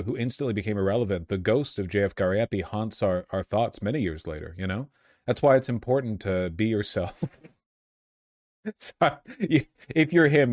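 Sardonic man, low dry voice. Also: no echo. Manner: sardonic, profane, laughing asides. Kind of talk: casual political commentary.

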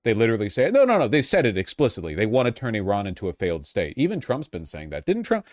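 A man reacting to clips in casual commentary, swearing and flaring up heatedly as he goes. His voice sits a bit low. The sound is dry and close, with no room around it. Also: wildly swooping pitch, fast talker, darkish tone, no room sound. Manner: profane, heated outbursts. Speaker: political commentator.

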